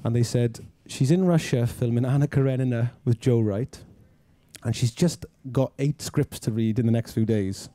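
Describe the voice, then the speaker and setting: A man's voice: medium pitch, moderate pace, no room sound. A man from Wales, a film director being interviewed, who tells stories and acts out the dialogue in them. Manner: animated storyteller who acts out quoted dialogue. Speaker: film writer-director, guest. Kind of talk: anecdotal interview storytelling.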